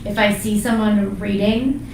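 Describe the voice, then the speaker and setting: A woman's voice: medium pitch, steady tone, unhurried, creaky, a little mellow. A woman co-hosting a casual radio show, chatty and jokey, laughing often. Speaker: podcast co-host. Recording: echoey room, mic at a distance, faint noise.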